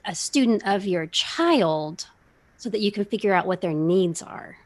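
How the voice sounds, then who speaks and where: A middle-aged woman hosting a casual interview, asking thoughtful, measured questions. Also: mid-range voice, animated. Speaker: podcast host.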